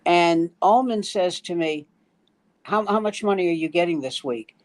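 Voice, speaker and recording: A man's voice: sits high, normal speed. An older man, a veteran stand-up comedian, telling a story in casual chat and acting out the lines of the people in it. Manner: acts out quoted dialogue in the story.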